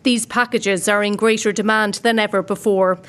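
A woman narrates a news report. Her delivery is steady and measured, with mid-range pitch. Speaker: social affairs correspondent.

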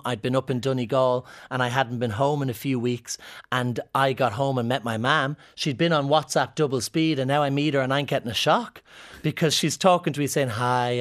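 A man's voice: medium pitch, steady tone, normal speed, a bit bright. Irish man telling playful anecdotes. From Ireland. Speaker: comedian guest. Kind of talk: casual interview chat.

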